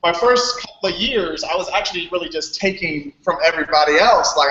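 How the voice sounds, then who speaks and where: A young man, a Playfair presenter, telling stories in a casual chat on a group video call, animated and laughing. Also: fairly high pitch, moderate pace. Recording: echoey, dull video call audio.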